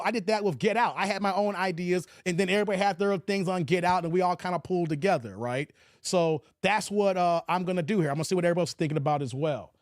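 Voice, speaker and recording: A man hosting a livestream who talks about movies in a casual, animated, slangy way. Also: high voice, no echo, clean studio sound. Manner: animated, slangy, laughs often. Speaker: livestream host.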